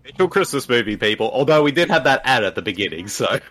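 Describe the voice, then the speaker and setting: A man's voice: medium pitch, very animated, quick pace, fairly bright tone. A man co-hosting a podcast, chatting casually about a movie, laughing often and sharing film trivia. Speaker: podcast co-host. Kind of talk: casual movie commentary chat.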